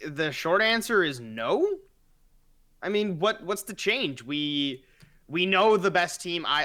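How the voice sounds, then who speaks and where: A man co-hosting a casual sports podcast with a bright, sharp tone. His pitch swings widely as he trades playful, sarcastic jabs with his partner. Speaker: podcast co-host.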